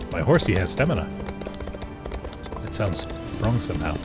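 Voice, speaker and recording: Playful, animated man commenting on a game. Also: medium pitch, fairly quick. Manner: silly, sarcastic, sings nonsense. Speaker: gameplay commentator. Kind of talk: playful let's-play commentary. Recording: voice with game music and sounds behind.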